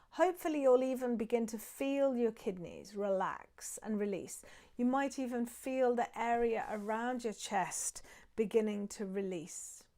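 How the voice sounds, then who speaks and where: A woman teaching acupressure and breathing, guiding listeners calmly step by step while she demonstrates on her own hands. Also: a little high. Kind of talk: guided acupressure and breathing instruction.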